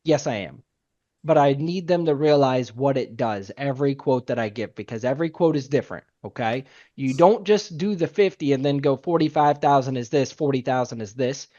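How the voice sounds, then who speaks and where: A man's voice: medium pitch, lively intonation, moderate pace, warm tone, muffled recording. A man teaching a sales team, talking with energy, repeating his points and acting out client calls. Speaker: sales trainer. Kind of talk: sales training talk.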